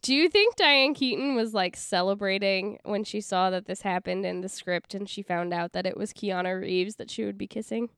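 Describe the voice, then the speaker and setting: A woman's voice: mid-range voice, normal speed, hardly any pauses, fairly bright tone, clean tone, no echo, clean studio sound. A woman co-hosting a podcast, chatting casually and tossing in wry quips and laughter. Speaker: podcast co-host. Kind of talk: casual chat.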